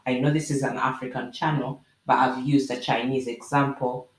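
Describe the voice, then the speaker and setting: A woman host explaining proverbs to viewers in an animated, preachy way with jokey asides. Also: a bass voice, normal speed. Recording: roomy echo.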